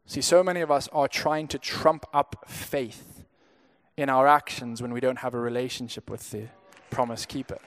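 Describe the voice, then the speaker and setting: Young man, pastor from Zimbabwe, sermon storytelling, conversational, stammering restarts, mid-pitched voice. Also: steady tone, moderate pace, fairly bright tone.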